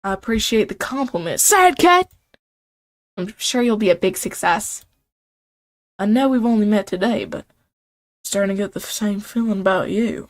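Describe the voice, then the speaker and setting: A woman voicing a friendly male colonel chef in a dating game, speaking gently and courteously. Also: medium pitch, animated, normal speed, pauses often, lightly acted. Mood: pleased.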